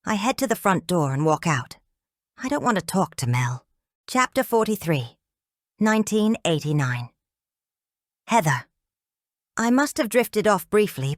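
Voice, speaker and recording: Woman narrator, first-person audiobook reading, measured calm tone, lowish voice, dry close mic. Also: no room sound.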